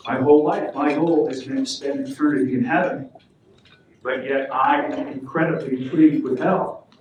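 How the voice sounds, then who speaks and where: A man's voice: mid-range voice, fairly even intonation, normal speed, darkish tone, muffled recording, slight background noise, natural voice. A man voicing a flustered politician in a joke, hesitant and stammering, in an echoey hall. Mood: torn. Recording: echoey hall, mic from far off.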